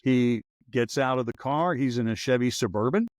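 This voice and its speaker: A man's voice: medium pitch, normal speed, no echo. Wry rambling older man, dry close sound. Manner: rambling anecdotal storyteller, wry asides. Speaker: podcast host and former radio newsman. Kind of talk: casual storytelling chat.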